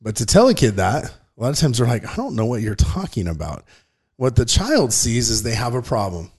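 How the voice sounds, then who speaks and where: A father in his thirties co-hosts a podcast, rambling earnestly through casual chat and often restarting his sentences. His mid-range voice is sing-song, brisk, darkish and husky.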